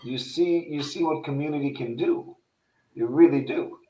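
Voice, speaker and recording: A man's voice: fairly high pitch, normal speed, mellow. A man in casual conversation, telling a heartfelt personal story in an earnest way, with many restarts. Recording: echoey room.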